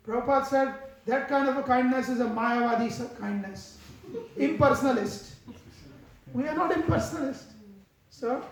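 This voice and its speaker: Man lecturer with a high voice, telling stories in a measured way, heavy hall echo. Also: darkish tone. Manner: measured, acts out quotes in the stories. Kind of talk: devotional lecture with storytelling. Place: temple hall. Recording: very echoey hall.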